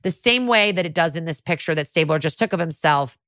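A woman's voice: low-pitched, lively intonation, brisk, a bit bright, no room sound, clean studio sound. A woman co-hosting a podcast, recapping in a casual, chatty way, full of "like" and the odd swear word. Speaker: podcast co-host.

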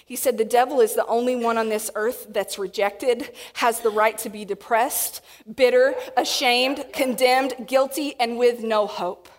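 A woman preaching a sermon to a congregation, animated and acting out quotes in different voices. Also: a little high, measured pace, few pauses. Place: church hall with audience. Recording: long reverb of a hall.

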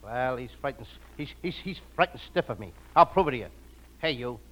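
A man in a comedy sketch, talking in an excitable, boyish way with frequent giggles. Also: mid-range voice, brisk. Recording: muffled old recording with loud hiss.

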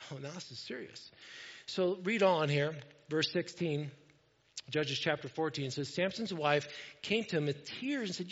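A man preaching a sermon in an animated, joking way, with frequent asides to the congregation. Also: a little high, normal speed, big-room sound, lo-fi sound. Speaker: pastor.

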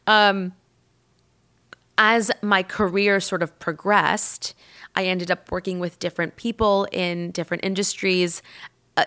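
A woman podcast host telling a rambling personal story in casual chat, with lots of "like" and lively acted-out quotes. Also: fairly low pitch, clean tone. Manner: chatty and rambling, heavy use of "like"; lively, acts out quoted people.

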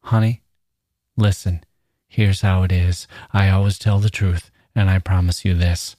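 A man reading the part of a menacing, smooth-talking male stalker, coaxing in a casual drawl full of slang. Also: low voice, fairly even intonation, unhurried, mellow, no echo, studio quality.

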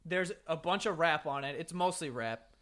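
A young man chats casually on a podcast and answers with dry humor. His voice is bright and a little high. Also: normal speed. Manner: dry, joking replies. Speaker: podcast co-host. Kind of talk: casual chat.

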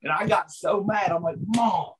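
Laughing, animated storyteller man. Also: on the high side, moderate pace, noisy background. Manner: animated, laughs often, acts out voices in his stories. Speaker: podcast guest, former wrestler. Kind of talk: casual storytelling.

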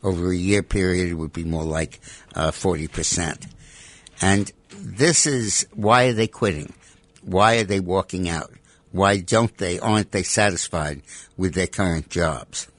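A man with a fairly low voice delivers opinionated radio commentary. He is emphatic and stacks up repeated rhetorical demands. The sound is dry, with no room around it. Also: unhurried, dry recording. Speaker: radio talk show guest commentator.

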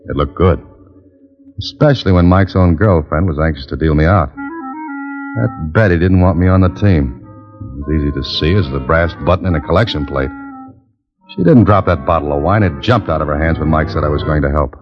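An actor playing a dry, wisecracking adventurer who also narrates, in 1940s radio acting. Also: male voice, extremely low pitch, normal speed, music in the background. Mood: confident. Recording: dull old radio recording.

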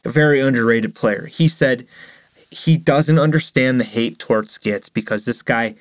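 A man co-hosting a casual sports podcast, telling animated stories and laughing as he quotes people. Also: mid-range voice, a little slow, no room sound. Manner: animated storyteller, acts out quotes, laughs a lot. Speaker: podcast co-host.

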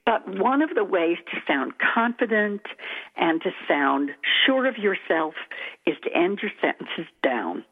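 A woman from Texas, a speech coach guest on a radio talk show, speaking in an emphatic, animated way. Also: lowish voice, a little slow, breathy edge, narrow, tinny audio. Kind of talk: radio interview.

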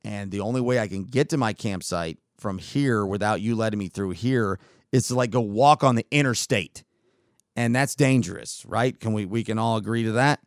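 A man's voice: lowish voice, normal speed, no echo, studio quality. A man hosting his own podcast, telling a long festival story in a casual, rambling way and acting out the dialogue. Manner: rambling, animated retelling with quoted dialogue. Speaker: podcast host.

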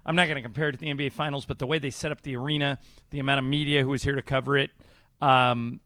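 Relaxed play-by-play broadcaster chatting. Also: male voice, mid-range voice, dry recording, studio quality. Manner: storytelling, relaxed. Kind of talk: casual sports radio talk.

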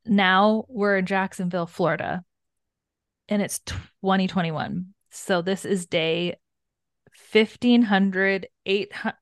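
A young woman co-hosting a book podcast, calmly recapping the plot in casual chat. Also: medium pitch, dry recording, studio quality. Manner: calm recapping, agreeable murmurs.

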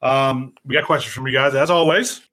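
A man's voice: medium pitch, steady tone, a little fast, fairly bright tone. A man co-hosting a casual podcast who reads out listener questions, teasing and swearing with lots of ums and uhs. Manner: teasing, swearing, hesitant with fillers when reading. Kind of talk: casual chat.

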